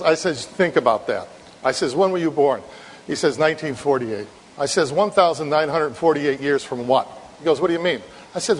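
A man's voice: on the high side, a little fast, slight background noise. A man from Ireland, a missionary preacher, giving a sermon in a conversational storytelling way, often repeating words. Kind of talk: sermon with anecdote. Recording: long reverb in a hall.

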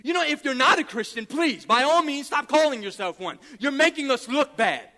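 A male pastor with a very high, bright voice preaches with forceful emphasis and repeats his points. He acts out the quoted dialogue as he goes. His voice rings with a long reverb through a large hall. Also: animated, normal speed. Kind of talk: sermon.

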